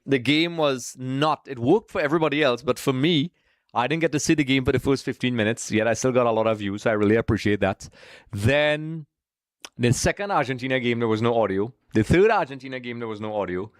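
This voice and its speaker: A man hosts a live football watch-along stream, chatting loosely with his viewers and calling them folks. His voice sits at an ordinary middle pitch. It is recorded close and dry, with almost no room sound. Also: fairly quick, dry recording.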